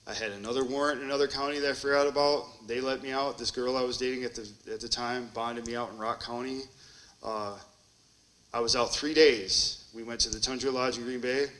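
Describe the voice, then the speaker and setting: A man's voice: medium pitch, steady tone, a little fast, a bit bright, low-quality recording. A man from Wisconsin giving a personal recovery testimony as a treatment court graduate, rambling with many fillers and acting out what people said. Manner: rambling storyteller, many fillers, acts out quotes.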